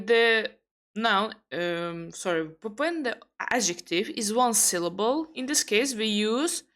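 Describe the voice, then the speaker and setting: A woman from Azerbaijan in her twenties teaching an online English grammar lesson, explaining slowly with pauses and self-corrections. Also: medium pitch, fairly bright tone.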